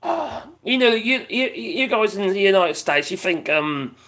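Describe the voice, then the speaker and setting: A British man hosting a live stream, chatting casually in a rambling way, reading out viewers' comments, his voice going hoarse. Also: sits high, expressive, a little slow, bright, forceful tone. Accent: British English. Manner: rambling, chatty, laughs often, reads out viewers' chat.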